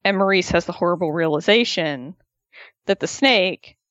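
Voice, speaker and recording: A woman's voice: on the low side, moderate pace, fairly bright tone, dry recording, lo-fi sound. A woman co-hosting a casual podcast, recapping a reality show with chatty storytelling and playful put-on voices for the people she quotes. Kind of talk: casual chat.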